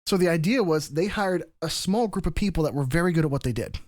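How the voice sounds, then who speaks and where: A man's voice: a little high, animated, quick pace, a little mellow, dry recording, clean studio sound. A man hosting a podcast, explaining history in a casual, lecturing way with frequent restarts. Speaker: podcast host.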